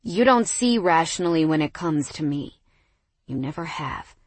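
A woman reading an audiobook, voicing a brooding, angry young man with a gravelly, bitter delivery. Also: unhurried, no echo. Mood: resentful. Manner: bitter, low and clipped. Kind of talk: audiobook narration.

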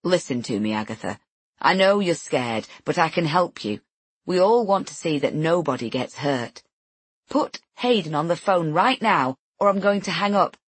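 A woman voicing a calm, firm male police negotiator, reading an audiobook. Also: low-pitched, normal speed, breathy edge, no echo. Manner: steady, coaxing, counting down.

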